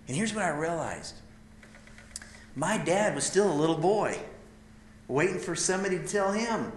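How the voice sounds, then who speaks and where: A man preaching a sermon, telling a personal story with emotion that swells and drops to near a hush. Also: sits high, echoey room. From Idaho, USA. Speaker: speaker at a men's gathering.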